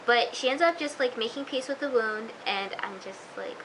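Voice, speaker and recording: Girl chatting through a tv recap, high bright voice, lots of like and um, faint hiss. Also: normal speed. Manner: gushing, chatty, full of "like" and "um". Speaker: TV episode reviewer. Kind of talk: casual vlog recap.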